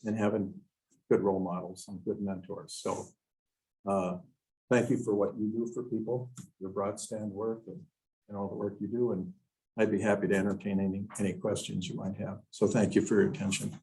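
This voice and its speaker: A man's voice: lowish voice, level tone, moderate pace, mellow, a little hiss or hum, low-quality recording. An older man from Wisconsin telling folksy stories to a club meeting, quoting his mentors in their own words with many restarts. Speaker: guest speaker. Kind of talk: storytelling talk to a club meeting. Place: meeting room.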